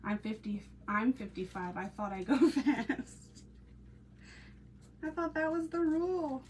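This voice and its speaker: An Ohio woman hosts a casual live crafting stream, chatting with her viewers and laughing often. Her voice is high, a little slow, and a little mellow, picked up by a slightly distant mic with faint background noise.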